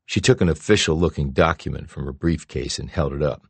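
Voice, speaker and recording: A man reading an audiobook as narrator, with a steady, low-key delivery. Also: fairly quick, gravelly, few pauses, husky, dry recording. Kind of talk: scripted narration.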